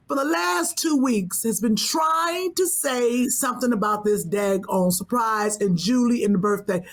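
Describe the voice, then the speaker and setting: A woman's voice: on the high side, expressive, moderate pace, hardly any pauses. A woman co-hosting a podcast, playfully interrupting and egging on her guest in casual chat. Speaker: podcast co-host.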